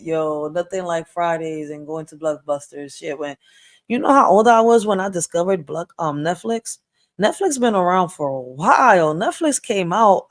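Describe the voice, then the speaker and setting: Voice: medium pitch, no room sound. Philly reaction host, swears a lot, gets hyped, dry close mic. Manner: loose, profane, excitable. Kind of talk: casual reaction commentary.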